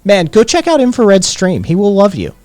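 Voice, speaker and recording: A man's voice: high voice, wildly swooping pitch, brisk, darkish tone, faint music behind. A man chatting on a live stream, bantering sarcastically and swearing freely. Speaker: streamer co-host. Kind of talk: casual live-stream chat.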